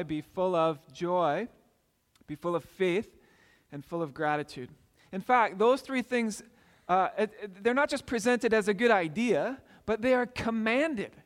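A man's voice: high voice, fairly bright tone, big-room sound. A man preaching a sermon as pastor, earnest and repeating key phrases for emphasis.

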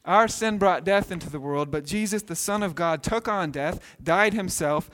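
A man in his thirties, a pastor preaching a sermon with animated storytelling, acting out voices. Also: high-pitched, moderate pace. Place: church sanctuary. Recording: long hall reverb.

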